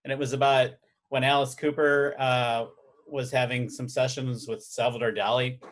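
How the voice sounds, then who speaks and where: A man who hosts and edits a casual podcast chats through rambling, joke-filled stories. His delivery is flat, his pitch medium, and his pace moderate.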